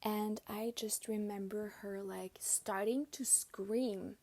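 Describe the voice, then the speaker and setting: Doing her makeup as she talks, a young podcast host shares stories in a casual, confiding chat, frequently lowering her voice to a whisper. She speaks slowly in a steady, mid-range, dark-toned voice, recorded without echo.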